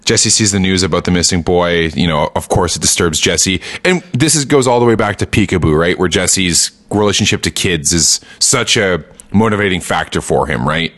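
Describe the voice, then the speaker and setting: A man's voice: sits low, moderate pace, hardly any pauses, a bit bright. A man casually recapping a TV episode on a podcast, rambling with lots of fillers and acting out quoted lines. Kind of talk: casual chat.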